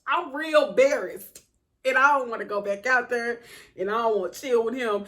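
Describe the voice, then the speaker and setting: A young woman telling a personal story in a casual, slangy, animated way in a storytime vlog. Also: fairly high pitch, moderate pace. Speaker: vlogger.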